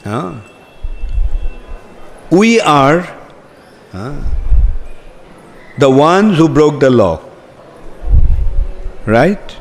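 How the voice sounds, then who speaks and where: A slightly high male voice with big pitch swings carries a slow sermon, the speaker a spiritual teacher who questions his audience as he goes. The sound has a long hall reverb and a faint ambient backdrop.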